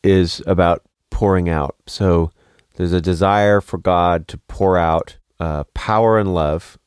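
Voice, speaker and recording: A man's voice: sits low, fairly even intonation, slow pace, smooth, dry recording, clean studio sound. A man co-hosting a podcast, probing the meaning of a worship song with questions and thinking aloud. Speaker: podcast co-host. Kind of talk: conversational theological discussion.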